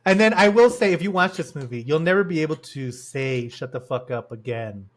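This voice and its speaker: A man hosting a casual film review chat, retelling scenes with lively acted-out quotes. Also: on the high side, fairly quick. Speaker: podcast host.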